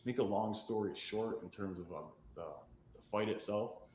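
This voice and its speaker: A man recounts something that happened to him, candid and self-deprecating as he rambles, for a storytelling video. His voice is fairly low with a darkish tone at a moderate pace, recorded in an echoey room with faint background noise.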